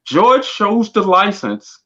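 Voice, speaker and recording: A man in a casual group chat, an animated storyteller who acts out the quotes. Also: high-pitched, slow pace. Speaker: podcast crew member. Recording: lo-fi dull sound.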